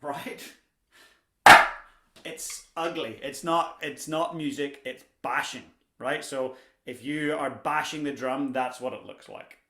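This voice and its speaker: A man's voice: mid-range voice, slow pace, a bit bright. A young man teaching a drumming lesson, chatty and encouraging, with the odd dad joke. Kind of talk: instructional lesson. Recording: echoey room with clear background noise.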